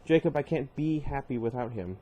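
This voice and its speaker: A man's voice: mid-range voice, expressive, fairly quick, muffled recording, lightly acted. A man reading aloud and voicing an angry, stubborn teenage girl who hisses and snaps her lines. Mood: bitter. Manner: hissing, furious, clipped.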